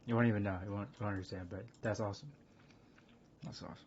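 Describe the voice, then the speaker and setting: A man's voice: fairly low pitch, fairly even intonation, rapid-fire, darkish tone, breathy edge. A man streaming a card game and chatting casually with his chat, rambling between thoughts. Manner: rambling, laughs hard at chat. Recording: dull lo-fi stream audio with faint noise.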